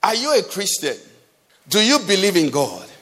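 Pastor preaching, high voice. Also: male voice, wildly swooping pitch, normal speed, a bit bright. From Nigeria. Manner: emphatic, rhetorical questions to the congregation. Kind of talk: sermon. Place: church hall. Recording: long hall reverb.

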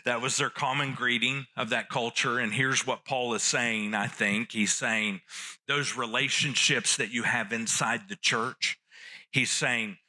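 A man's voice: mid-range voice, fairly even intonation, a little slow, bright, forceful tone. A man preaching a sermon, teaching earnestly and repeating key phrases for emphasis. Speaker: pastor.

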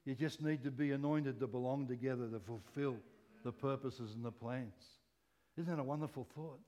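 Animated male preacher in a reverberant hall. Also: mid-range voice, normal speed. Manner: animated, swings from loud exclamations to soft asides. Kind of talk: sermon.

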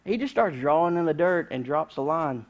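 A man, preaching a sermon in a conversational, humorous storytelling way with sudden loud bursts. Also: a little high, animated, normal speed, lo-fi sound. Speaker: pastor.

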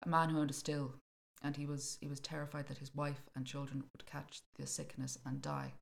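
A woman telling a folktale in a lively, jokey way during a casual chat. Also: deep voice, a little fast, gravelly. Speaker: podcast co-host telling a folktale.

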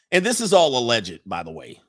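Animated man in his forties, AAVE. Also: mid-range voice. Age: 40s. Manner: animated, laughing, slangy storytelling. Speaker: commentator. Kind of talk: casual comedic commentary.

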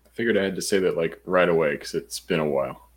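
A man's voice: low voice, quick pace, slightly rough. A man co-hosting a casual podcast who talks in a laid-back way and laughs along. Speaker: podcast co-host.

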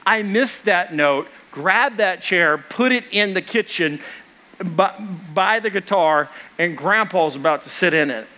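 A man, a pastor, preaching a sermon and telling a family story with lively retold dialogue. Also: sits high. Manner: storytelling with animated retelling of dialogue.

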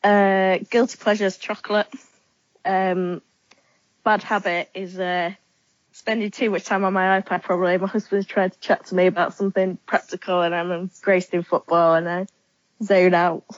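A woman guest on a casual podcast interview, answering in a relaxed, chatty way with many ums. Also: on the low side, moderate pace, dry recording. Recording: dull lo-fi sound.

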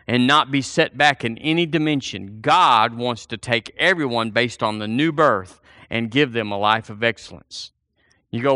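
A man's voice: mid-range voice, pushed and bright, no room sound, studio quality. A man preaching a fervent sermon, repeating phrases and drawing the congregation in. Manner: fervent, repetitive preaching with call-and-response.

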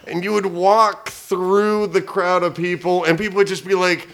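A man's voice: sits high, measured pace, gravelly, hardly any pauses. A comedian guest telling a story in casual chat, swearing and acting out the people he quotes. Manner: animated, swearing, acts out quotes in voices.

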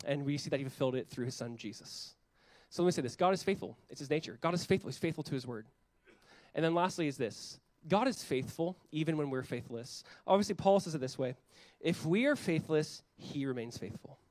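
Fast-talking young male pastor preaching. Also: fairly high pitch, no echo. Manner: conversational, animated, acts out quoted voices. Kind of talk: sermon.

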